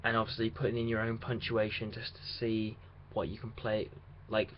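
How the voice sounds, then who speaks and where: A man's voice: lowish voice, completely flat delivery, normal speed. A young man talking through a casual video diary about his radio drama rehearsals, chatty and rambling with restarts. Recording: dull lo-fi sound with faint hiss.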